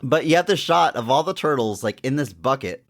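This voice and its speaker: A podcast co-host with a mid-range voice talks animatedly and fairly quickly. He chats casually about an old comedy film, laughing often.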